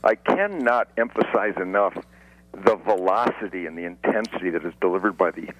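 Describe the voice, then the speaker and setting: A man in his sixties from Detroit, talking as a guest on a radio show in a brash, boastful way, with rapid rants that break into sudden shouts. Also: deep voice, animated, rough recording. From Detroit, USA. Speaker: guest musician. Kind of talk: radio phone interview. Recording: radio broadcast.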